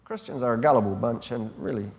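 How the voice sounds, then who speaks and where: A man's voice: medium pitch, quick pace, vocal fry, darkish tone, slight background noise. A man preaching a sermon as a pastor, in a conversational, rambling way with frequent restarts. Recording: long hall reverb.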